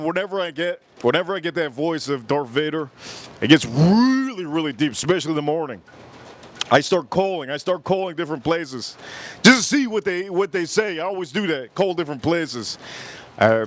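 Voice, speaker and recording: A man hosting a live cooking stream outdoors at a grill, chatting in a rambling, joking way that breaks into shouted bits. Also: on the high side. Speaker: livestream cooking host.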